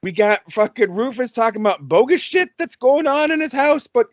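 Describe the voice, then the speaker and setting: A middle-aged man co-hosting a comedy album review podcast, animated and profane, often laughing as he tells stories. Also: extremely high pitch, moderate pace, no echo, lo-fi sound. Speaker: podcast co-host.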